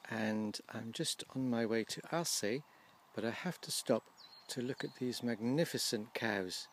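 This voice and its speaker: A man giving casual, gently humorous commentary outdoors by a field, slowly explaining English words as he films. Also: medium pitch, a little hiss or hum. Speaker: vlogger teaching English.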